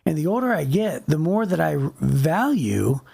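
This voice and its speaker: Gravelly midlife guy co-hosting a bible podcast, wanders off on tangents, does little voices for quotes. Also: a little high, very animated, moderate pace, mellow. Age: middle-aged. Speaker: podcast co-host. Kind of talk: casual faith discussion.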